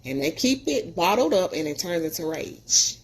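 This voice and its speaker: A woman's voice: on the low side, normal speed, slightly rough. A woman podcast host telling stories in an earnest, preachy way, acting out the people she quotes. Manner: earnest, preachy, animated retelling with voiced quotes. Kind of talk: storytelling monologue.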